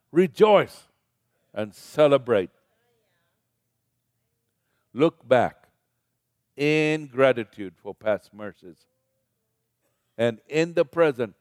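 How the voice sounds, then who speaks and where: A man's voice: medium pitch, a little mellow, no room sound. Older male preacher, conversational sermon, asks the congregation questions, dry close sound.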